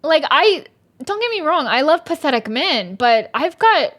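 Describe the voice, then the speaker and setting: A woman's voice: high voice, very animated, measured pace, a bit bright. A young woman, a streamer reviewing a book in casual chat, exasperated and sarcastic, swearing often. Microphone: streaming mic.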